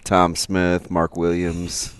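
A man's voice: low-pitched, completely flat delivery, slow pace, a little hiss or hum. A man co-hosting a morning radio show in casual banter, teasing his partner and laughing often. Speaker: radio co-host.

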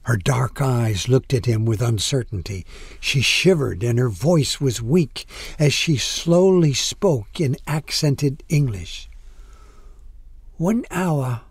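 A man narrating a heartfelt story in a slow, expressive way with dramatic pauses. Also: medium pitch, creaky, slightly rough, no echo.

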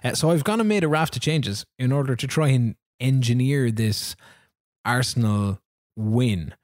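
A man's voice: mid-range voice, unhurried, dry recording, clean studio sound. A man, co-hosting a casual podcast, rambling through stories with frequent laughs. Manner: rambling storyteller, laughs often, acts out dialogue. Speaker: podcast co-host. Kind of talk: casual chat about a football video game.

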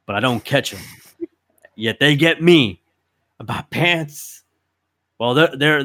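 A man spins a rambling comedic tale in a gruff voice full of broken grammar and slang. His pitch sits in an ordinary middle range, and the recording is dry and close with no room sound. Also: a bit bright, dry recording. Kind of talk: comedic storytelling.

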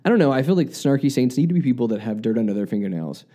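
A man's voice: medium pitch, big pitch swings, very fast, dark tone. A man from the United States co-hosting a podcast, earnestly reflecting in casual talk and often restarting his sentences. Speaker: podcast co-host.

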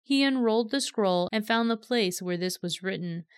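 Smooth-voiced woman reading scripture. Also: medium pitch, no room sound, studio quality. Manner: steady, measured storytelling delivery. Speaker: scripture reader.

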